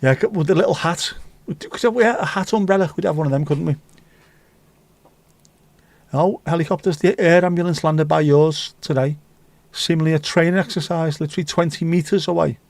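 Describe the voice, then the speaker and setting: A man's voice: a little high, moderate pace, creaky, darkish tone, dry recording. A man hosting a livestream, rambling through jokey, sweary anecdotes in casual chat. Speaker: livestream host.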